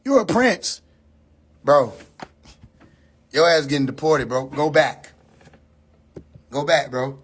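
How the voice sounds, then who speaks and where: A man's voice: a little high, animated, slow, long pauses, slightly rough. A man hosting a livestream, ranting in a mocking, incredulous way and swearing constantly. He keeps repeating his own questions for effect. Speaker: livestream host. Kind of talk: profane comedic rant on a livestream.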